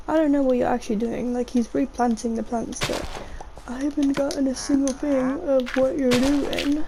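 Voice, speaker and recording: A woman's voice: sits high, background noise. A chatty young woman, rambling casually over her gameplay and often saying "mate". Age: young adult. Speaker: gaming vlogger.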